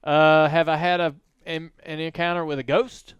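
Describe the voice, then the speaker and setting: A man hosting a podcast, telling stories in a relaxed, rambling way. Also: a little high, moderate pace, smooth, no room sound, highs cut off. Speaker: podcast host. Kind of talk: casual podcast storytelling.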